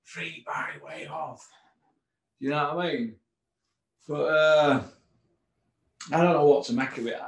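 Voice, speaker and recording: Middle-aged man, sarcastic rant, fairly high voice, echoey room. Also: steady tone, measured pace, pauses often. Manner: sarcastic, mocking, rhetorical questions. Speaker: boxing commentator host. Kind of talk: ranting casual monologue. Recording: roomy echo.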